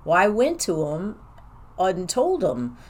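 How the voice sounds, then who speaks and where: Lady w a lowish voice just rambling thru a personal story, candid, acts out the quotes. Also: wildly swooping pitch, slow pace. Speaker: professional who sees clients in an office.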